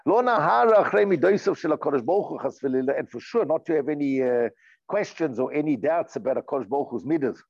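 Man giving a class, kinda high gravelly voice, earnest, keeps repeating himself, dull dry recording. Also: lively intonation, fast, darkish tone, dry recording. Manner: earnest, emphatic, repeats and restarts phrases. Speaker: rabbi teaching a class. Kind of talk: storytelling lesson, reading and translating Hebrew text.

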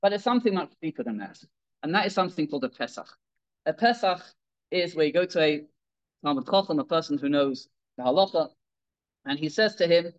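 A man's voice: a little high, fairly quick, muffled recording. A man giving a sermon, telling stories and acting out the people in them, with many restarts. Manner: animated, acts out quoted characters, many restarts. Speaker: rabbi giving a Torah talk. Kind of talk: sermon with storytelling.

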